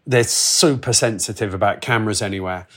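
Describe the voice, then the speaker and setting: A man in his forties, telling a wild travel story in casual chat, animated and swearing, acting out the voices of the people in it. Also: fairly low pitch, a little fast. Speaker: podcast guest telling travel stories.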